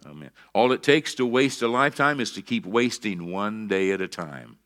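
Middle-aged man, pastor, sermon delivery: bright tone, preacherly, punches up to calls of amen. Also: lowish voice, lively intonation, normal speed.

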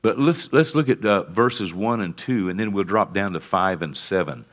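A male pastor preaching a sermon, calling out to the congregation for responses and swinging between fervent peaks and quiet lows. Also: moderate pace. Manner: rises to fervent emphatic peaks, then drops low and quiet.

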